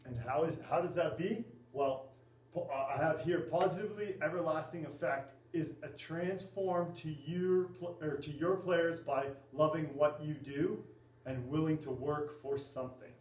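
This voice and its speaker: A man, a volleyball coach, giving a class presentation in a halting way with many fillers and restarts. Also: a little high. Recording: echoey room, mic at a distance.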